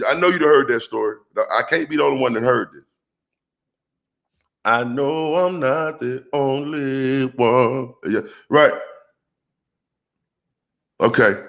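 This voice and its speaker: A man giving an animated monologue on relationships, calling out to his viewers like a preacher and asking rhetorical questions. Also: medium pitch, slow, long pauses. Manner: preacher-like call-outs to the audience. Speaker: relationship commentator.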